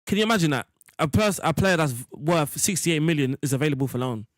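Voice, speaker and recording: A man's voice: fairly high pitch, lively intonation, quick pace, no room sound. Chatty young man, dry sound. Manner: rambling, jokey, talks to chat. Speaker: gaming streamer. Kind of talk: casual gameplay commentary.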